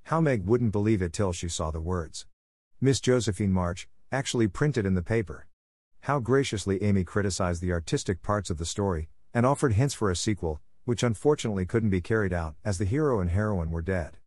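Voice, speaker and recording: A man narrating a classic novel as a scripted audiobook in a steady, measured reading. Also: deep voice, no echo, studio quality.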